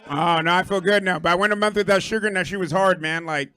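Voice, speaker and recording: A hoarse Puerto Rican-born man doing a rambling, profane stand-up set on a club stage, riffing with the crowd. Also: high voice, quick pace, bright, forceful tone. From Puerto Rico. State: hoarse, lost his voice. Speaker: stand-up comedian.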